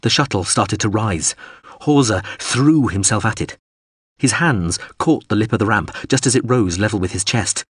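A man narrating an audiobook, reading an action scene in a steady, dramatic way on a close studio mic. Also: lowish voice, normal speed, slightly rough, no echo.

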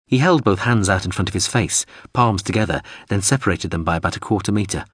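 Deep-voiced man narrating an audiobook. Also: fast talker, a bit bright, slightly rough, dry recording, clean studio sound.

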